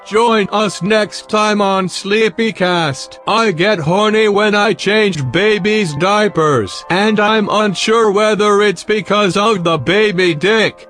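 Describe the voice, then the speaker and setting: A man doing a mock outro announcement in a slow, deadpan delivery. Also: high voice.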